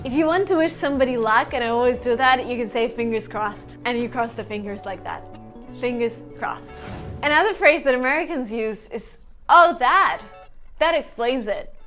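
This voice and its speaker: A woman teaching everyday phrases in a casual lesson, acting out the examples with lively expression. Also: a little high, fairly quick, faint music behind. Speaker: English teacher.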